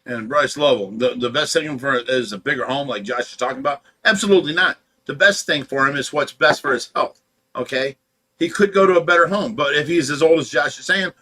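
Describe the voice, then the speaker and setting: Ohio man, fish rescue host, higher pitch, edgy and bright, tired, defensive, blunt. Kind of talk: casual livestream chat.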